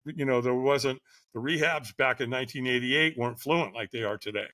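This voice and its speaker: An older man tells his story in a candid, conversational way as a podcast guest. His voice sits at a middle pitch and sounds dry and close to the mic. He grows animated when he acts out other people. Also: fairly quick, no room sound.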